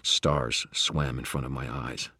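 A man narrating a first-person fantasy audiobook in a measured, dramatic way. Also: a bass voice, steady tone, bright, forceful tone, husky, no echo, clean studio sound.

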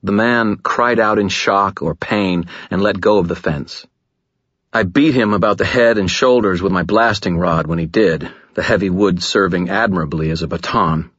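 A man's voice: sits low, normal speed, a bit bright, breathy edge, dry recording, lo-fi sound. A man narrating a first-person audiobook in a gritty, tense storytelling manner.

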